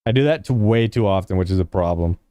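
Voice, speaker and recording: Smooth-voiced young man chatting to his stream. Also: sits low, fast talker, dark tone, no room sound. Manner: rambling, heavy use of "like" fillers; laid-back, talks to chat. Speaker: livestreamer. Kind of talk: casual livestream chat with viewers.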